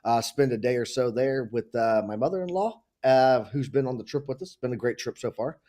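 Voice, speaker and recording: A man's voice: medium pitch, animated, brisk, dark tone. A man hosting a live market and crypto stream, talking casually with hyped-up greetings. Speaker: show host.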